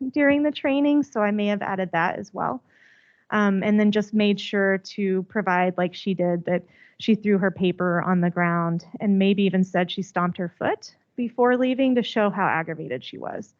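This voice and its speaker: A woman's voice: medium pitch, muffled recording. Breathless woman presenting. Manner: friendly, chatty, laughs often. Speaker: conference presenter. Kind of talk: conference presentation. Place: conference room. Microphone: handheld mic.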